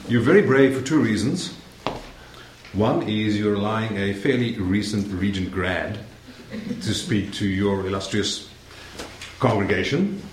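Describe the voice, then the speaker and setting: A man's voice: fairly low pitch, a little slow. A young man with a South African accent preaching a sermon as a guest preacher, friendly and joking with the congregation. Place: church sanctuary. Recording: roomy church sound, faint noise.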